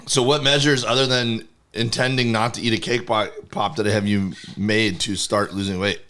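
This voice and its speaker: A man's voice: on the low side, steady tone, normal speed, a bit bright, a little hiss or hum. A man co-hosting a comedy podcast, ribbing his partner with dry, teasing banter. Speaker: podcast co-host. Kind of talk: casual comedy podcast chat.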